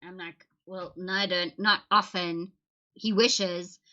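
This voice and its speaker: A woman's voice: on the low side, fairly even intonation, takes it slowly, pushed and bright. A woman chatting casually with viewers on her livestream, joking and laughing often. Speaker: livestream host. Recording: dull lo-fi stream audio.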